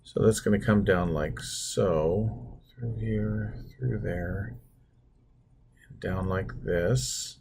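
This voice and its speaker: A man explains math step by step while drawing on his screen, joking at his own expense in this screen-recorded lesson. His voice sits low, very slow, creaky and a little mellow, with a bit of hiss or hum in the audio.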